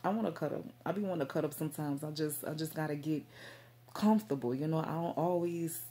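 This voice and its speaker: A woman's voice: low voice, fast talker, dark tone. A woman talking casually to her camera about faith, rambling with many fillers and repeats. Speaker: faith vlogger.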